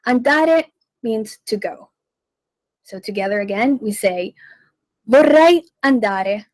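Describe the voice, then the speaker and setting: A woman hosting a radio language lesson, teaching slowly and repeating each phrase so listeners can follow. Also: fairly high pitch, lively intonation, a little mellow, no room sound, rough recording. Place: radio studio.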